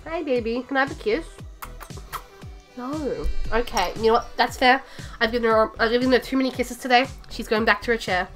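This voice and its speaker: Brief: woman live-streamer, slightly high voice, chatty and easily distracted, faint music under. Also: pushed and bright. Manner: chatty, easily distracted, rambling with fillers and restarts. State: out of breath. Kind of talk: casual live-stream chat.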